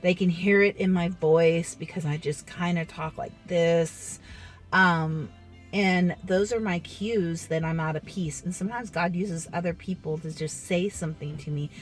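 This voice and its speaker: A woman chatting candidly in a casual faith vlog from a parked car, rambling with many pauses and fillers. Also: on the low side, fairly even intonation, soft background music. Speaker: vlogger.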